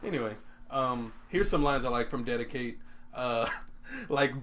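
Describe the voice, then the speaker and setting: A man's voice: medium pitch, expressive, measured pace, fairly bright tone, a little hiss or hum. A young man co-hosting a podcast, joking and swearing casually, often laughing while he talks. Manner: laughing, profane, jokey banter. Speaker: podcast co-host. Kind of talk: casual chat. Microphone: headphones and studio mic.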